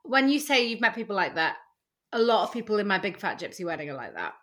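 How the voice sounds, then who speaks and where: Bright-voiced woman chatting. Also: mid-range voice, sing-song, quick pace. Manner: chatty, self-deprecating, opinionated. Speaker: podcast co-host. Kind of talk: casual chat.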